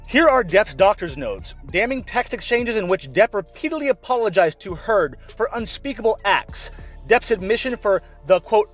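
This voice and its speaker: A man's voice: high voice, lively intonation, normal speed, fairly bright tone, soft background music. A man ranting sarcastically in an online commentary video, exasperated and swearing often. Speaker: commentary vlogger.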